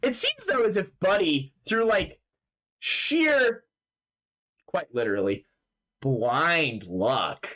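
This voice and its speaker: A man running a tabletop game over voice chat, in a fairly high voice whose pitch jumps around a lot. He narrates loosely and casually, swearing freely, laughing and padding his sentences with "like". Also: sing-song, slow, long pauses, sharp tone. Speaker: game master.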